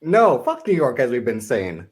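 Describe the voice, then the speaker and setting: Animated, teasing male co-host. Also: mid-range voice, moderate pace. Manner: teasing, animated, swears freely. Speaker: podcast co-host. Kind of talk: casual banter.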